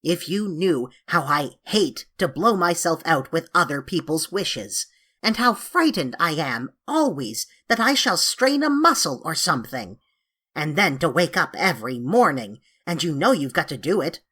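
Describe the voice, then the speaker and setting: A woman's voice: deep voice, sing-song, unhurried, a bit bright, heavily acted. A woman voicing a grumpy, self-pitying male sand fairy who gripes and whines, reading an audiobook of a classic children's story. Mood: grumbling. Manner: gruff and complaining, voice cracking.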